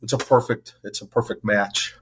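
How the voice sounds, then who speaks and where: A man co-hosting a casual sports podcast, asking wry questions in a halting way with many fillers. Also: lowish voice, steady tone, fairly bright tone, husky. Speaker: podcast co-host.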